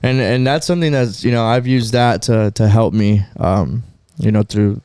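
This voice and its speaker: A man's voice: lowish voice, moderate pace, a little mellow, smooth, no echo. A man co-hosting a podcast, talking casually about faith and quoting scripture, often restarting his sentences. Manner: restarts often, quotes Bible verses. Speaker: podcast co-host.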